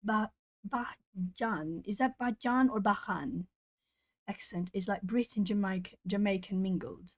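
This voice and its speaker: A woman's voice: medium pitch, unhurried. A woman with Portuguese as her hosts an art stream at home. She chats casually with viewers while she colours, musing aloud as she goes. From Brazil.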